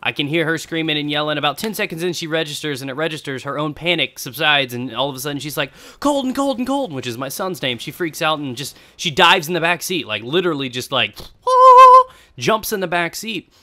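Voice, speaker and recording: Bright-voiced man telling a story. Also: a little high, fast, hardly any pauses. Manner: rambling, chatty, swears freely; speaks to viewers directly. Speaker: gaming video creator. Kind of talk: casual storytelling over gameplay.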